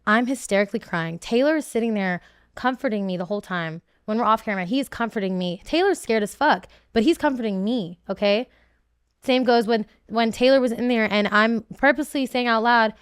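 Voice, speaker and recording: A woman's voice: on the high side, normal speed, clean tone, dry recording, clean studio sound. A woman, a reality show contestant, talking candidly in a podcast interview, emotional and rambling with many fillers and restarts.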